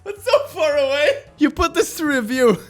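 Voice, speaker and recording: Woman in a comedy reaction video, high and lively voice, incredulous. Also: moderate pace. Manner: incredulous, mocking.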